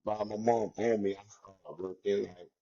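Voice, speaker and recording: Speaking at a moderate pace in a warm, steady voice on the low side, a man who once was an inmate looks back candidly on his past. He talks loosely, leaning on "you know" and "like," and the sound is lo-fi.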